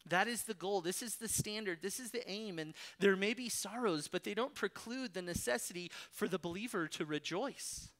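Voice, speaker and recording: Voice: medium pitch, normal speed, hardly any pauses, fairly bright tone. A preacher delivers an expository sermon with firm emphasis. The voice exhorts listeners directly and leans on rhetorical questions to drive each point home.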